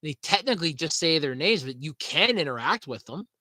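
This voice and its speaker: A man's voice: on the high side, animated, fairly quick, bright, forceful tone, no room sound. A man hosting a podcast in casual, rambling chat, swearing freely and laughing at his own jokes. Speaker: podcast host.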